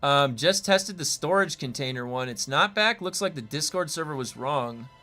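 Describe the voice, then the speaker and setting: A man streaming a game live, thinking aloud and reacting excitedly, swearing when things break. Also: a little high, moderate pace. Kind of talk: live gameplay streaming commentary.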